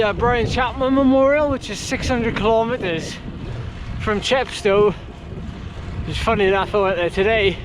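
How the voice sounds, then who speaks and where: Guy talking to his camera on a bike ride, high voice, lots of um and like, noisy outdoor sound. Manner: chatty, rambling with many fillers. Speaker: cyclist vlogger. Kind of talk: casual vlog to camera. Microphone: handheld camera outdoors.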